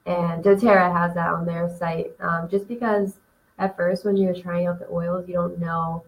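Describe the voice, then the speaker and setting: A woman co-hosting a casual live class, explaining in a flat, hesitant way with many pauses. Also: on the low side, rough recording. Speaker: co-host of an essential oils class.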